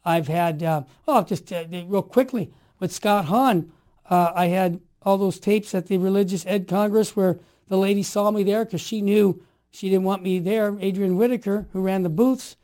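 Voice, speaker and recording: A man in his sixties, a guest telling stories with passion and rising into forceful exhortation. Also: high voice, moderate pace. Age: 60s. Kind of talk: impassioned storytelling.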